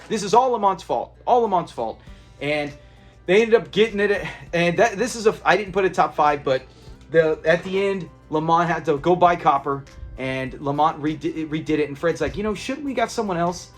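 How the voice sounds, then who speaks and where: A man's voice: on the high side, normal speed, soft background music. A man hosting a casual episode breakdown, retelling scenes in a chatty, rambling way with frequent restarts. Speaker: episode review host.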